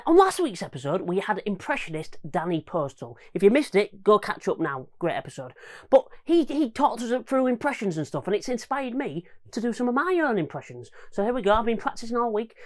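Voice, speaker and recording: A comedian hosting a home-made comedy variety show, jokey and self-mocking. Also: male voice, high-pitched, very animated, brisk.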